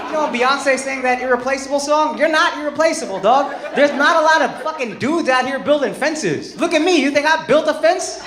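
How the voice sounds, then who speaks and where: A male stand-up comedian doing brash, profane crowd work on a comedy club stage, swinging from teasing to shouted mock outrage. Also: very high voice, fairly quick, hardly any pauses, background noise. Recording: roomy club sound with loud crowd laughter. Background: crowd laughter.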